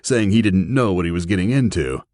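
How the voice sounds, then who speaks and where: A man reading an audiobook with steady, even narration. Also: deep voice, fairly quick, no echo, studio quality.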